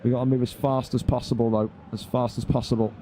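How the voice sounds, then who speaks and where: Sweary stream host, mellow voice. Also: male voice, medium pitch, little pitch movement, fast, a little hiss or hum. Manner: blunt, sweary, ranting at chat. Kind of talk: casual live-stream commentary.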